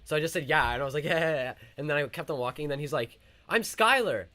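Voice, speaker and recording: A man's voice: on the high side, racing. A young man, born in Ukraine, telling stories in a casual podcast chat, acting out the people he quotes. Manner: animated, acts out quoted voices. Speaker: podcast co-host.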